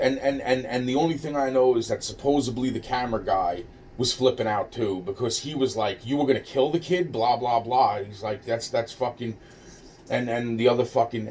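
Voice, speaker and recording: A man's voice: medium pitch, darkish tone. A man casually telling a personal story, rambling and profane, with many restarts and fillers. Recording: distant mic with faint noise.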